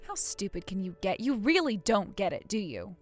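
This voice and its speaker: A woman with a mid-range, sing-song voice plays a cold, furious young wife scolding her sister-in-law without mercy. She sounds stern and unforgiving, speaking at a normal speed over soft background music.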